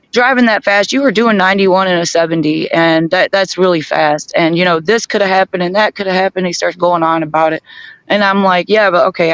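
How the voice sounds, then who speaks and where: A man telling a story in a casual group chat, animated, acting out both sides of the conversation and laughing often. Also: fairly high pitch, no echo, dull audio. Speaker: guest on a group chat show.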